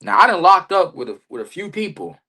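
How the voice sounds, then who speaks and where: A man's voice: sits high, a little fast. A young man, a wrestler guest on a podcast, telling a story in casual slang and acting out the dialogue. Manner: animated storyteller, heavy slang, acts out quoted dialogue.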